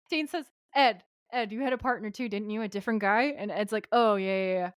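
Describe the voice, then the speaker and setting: A woman's voice: a little high, normal speed, no echo, clean studio sound. A woman co-hosting a podcast, recapping an episode in casual chat and acting out characters' lines. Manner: animated, quoting characters in voices. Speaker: podcast co-host.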